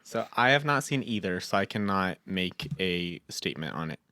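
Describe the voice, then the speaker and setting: Young male podcast co-host, animated and rambling, gravelly bright tone, dry close sound. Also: sits low, moderate pace, no room sound. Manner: animated, rambling, laughs often. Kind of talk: casual chat.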